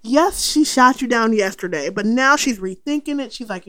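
A young adult woman with a fairly high voice talks through a movie on her podcast. Her delivery is loose and animated, and she swears freely as she jumps into the characters' lines to make her point. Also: normal speed, few pauses. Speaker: podcast host. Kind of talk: casual movie recap podcast.

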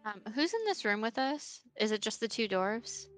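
A woman's voice: a little high, animated, normal speed, a bit bright, faint music behind. A woman playing a tabletop game over a video call, direct and teasing. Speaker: player.

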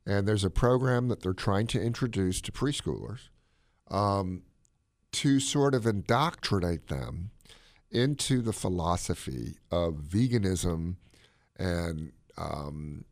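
A man co-hosting a podcast, talking his opinions in a casual, animated way. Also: low voice, slow pace, dry recording, clean studio sound. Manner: animated, opinionated, drops into playful put-on accents. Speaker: podcast co-host.

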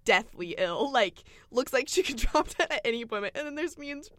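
A woman's voice: high voice, lively intonation, fairly quick, a bit bright, no echo. A young woman, telling a funny story as a podcast co-host and laughing often. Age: young adult. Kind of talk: casual storytelling chat.

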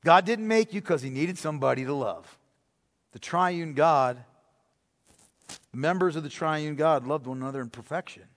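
High-voiced pastor preaching in a hall. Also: male voice, moderate pace, long pauses. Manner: explanatory preaching with frequent "okay?" check-ins. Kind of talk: sermon.

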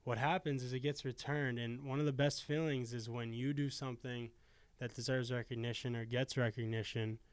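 A man's voice: medium pitch, clean tone, no room sound. A man in his twenties, a podcast guest talking in a casual, earnest and reflective way and swearing now and then. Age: 20s.

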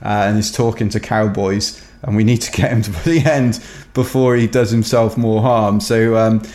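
A man's voice: fairly low pitch, fairly even intonation, normal speed, a little mellow. A Welsh man telling a rambling, wry story in casual chat, dotted with "kind of" and "you know". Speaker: ultrarunner guest. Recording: roomy echo.

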